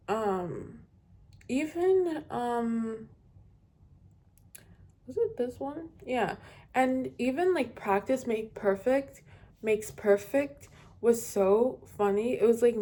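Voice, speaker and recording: Young woman rambling about books, slow and hesitant, lots of ums, mellow voice. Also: fairly high pitch. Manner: rambling and hesitant, many fillers. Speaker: book vlogger. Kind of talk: casual chat.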